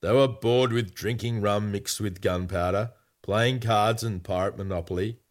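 A man's voice: on the low side, steady tone, normal speed. A man reading a children's story aloud in a playful, whimsical way.

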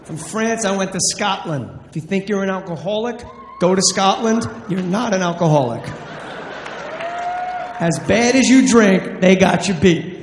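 Jersey guy doing stand-up, brash n profane, high voice, echoey room. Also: measured pace, a little hiss or hum. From New Jersey. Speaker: stand-up comedian. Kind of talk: stand-up routine. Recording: echoey live club with long reverb.

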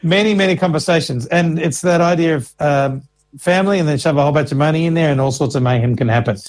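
A man's voice: fairly high pitch, fast, poor audio. A man, an information officer answering interview questions patiently and walking through examples step by step. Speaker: Services Australia financial information officer.

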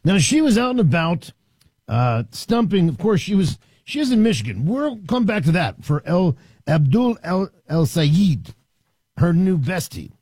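A man's voice: high voice, very animated, unhurried, a little mellow, slightly rough, dry recording. A middle-aged man hosting a talk radio show, delivering an opinionated, sarcastic monologue in a conversational way.

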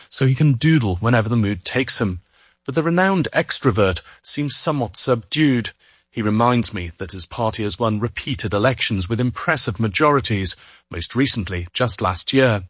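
A man reading a scripted radio report as a foreign correspondent, in a measured reporting voice. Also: lowish voice, a bit bright, slightly rough, no echo.

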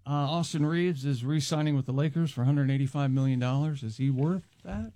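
A man's voice: mid-range voice, warm tone, no echo, studio quality. A man co-hosting a morning radio show, reading news items with fillers and jokes. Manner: quick news reads broken by fillers and jokes. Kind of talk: casual morning radio banter.

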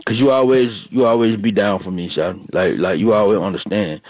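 A man's voice: fairly low pitch, dry recording, close to an everyday voice. A man playing a long-winded comic caller on a morning radio show, rambling on and on and repeating the same words. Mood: rambling earnest. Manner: rambling, drawn-out, repeats "shawty" and "boy" constantly. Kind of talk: comedy phone call-in bit. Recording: tinny, dry phone line.

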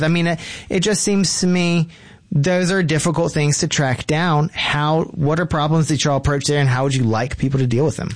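A man hosting a personal finance call-in radio show, asking questions in a folksy, chatty way. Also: a little high.

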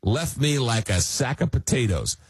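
A middle-aged man from Long Island hosting a radio talk show, telling stories in a rambling, animated way. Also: mid-range voice, normal speed, breathy edge, no echo. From Long Island, New York. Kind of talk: casual radio chat.

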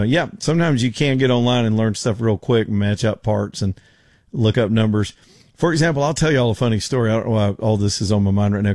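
A man's voice: lowish voice, darkish tone, dry recording. Brief: man, radio host, rambling folksy talk, dry studio sound.

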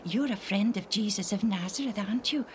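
Woman doing a hushed, anxious male traveler. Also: mid-range voice, brisk, a little hiss or hum, voice pushed up, lightly acted. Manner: hushed, hesitant, stammering. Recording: music playing underneath.

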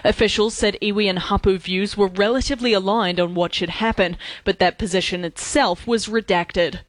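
A woman reads a short news report in a flat, level tone with little melody. The sound is dry and close to the mic. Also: medium pitch, normal speed, no echo.

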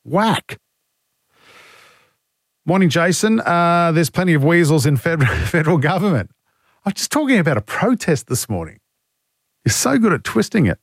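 A male talkback host chats loosely from a radio studio, teasing himself and tossing off jokes as he reads out listener texts. His voice sits a little high, and the sound is close and dry, with no room echo. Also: very animated, normal speed, pauses often. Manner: joking, self-mocking, reads listener texts aloud. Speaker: radio talk show host. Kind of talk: casual talkback radio chat.

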